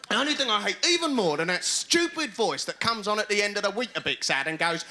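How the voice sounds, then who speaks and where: A man's voice: high voice, lively intonation, fast talker, pushed and bright. A man doing a stand-up routine, ranting sarcastically and mocking people in put-on voices, with laughter from a studio audience. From England. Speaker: stand-up comedian. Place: TV studio stage with live audience.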